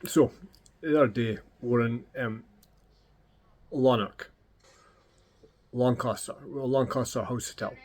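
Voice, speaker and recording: A man's voice: medium pitch, takes it slowly, pauses often. Swearing Scottish man telling stories. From Scotland. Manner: swearing, animated anecdotes with quoted dialogue. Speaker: vlogger. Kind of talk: casual storytelling.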